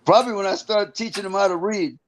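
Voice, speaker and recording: A man's voice: high voice, quick pace, low-quality recording. Older man telling profane, rambling stories. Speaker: interview guest, former prisoner. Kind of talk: casual storytelling interview.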